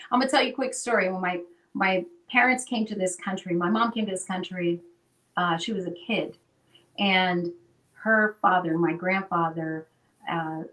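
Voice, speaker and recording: A woman teaching in an animated, conversational way, often checking in with "right?". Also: medium pitch, recorded from a distance, low-quality recording. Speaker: guest teacher.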